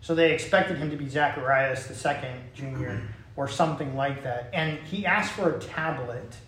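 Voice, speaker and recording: A man's voice: mid-range voice, normal speed, a bit bright, slight background noise. A man preaching a sermon in a conversational way, with casual asides and restarts. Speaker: pastor. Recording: echoey room.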